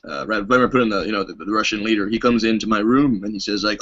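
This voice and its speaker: A man's voice: lowish voice, racing, few pauses, fairly bright tone. A man telling a comic dream story, hesitant and full of ums and uhs, heard over a muffled video call. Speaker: guest.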